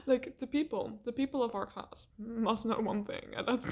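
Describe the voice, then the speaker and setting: A young woman telling a rambling, animated story in a casual vlog, laughing often and swearing. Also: a little high, normal speed.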